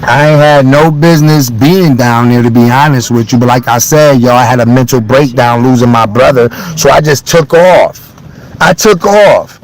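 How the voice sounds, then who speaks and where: A man ranting to his chat on a phone live stream, loud, heated and blunt, swearing freely. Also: medium pitch, normal speed, low-quality recording. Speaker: livestreamer. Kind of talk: livestream rant to chat.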